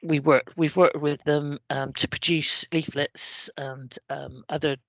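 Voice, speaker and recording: A middle-aged woman with a West Country English accent gives an informal work presentation, pausing often with ums and restarting her sentences. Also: low-pitched, fairly even intonation, gravelly, dry recording. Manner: hesitant, many ums and restarts. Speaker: civil contingencies officer presenting. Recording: dry, dull lo-fi recording.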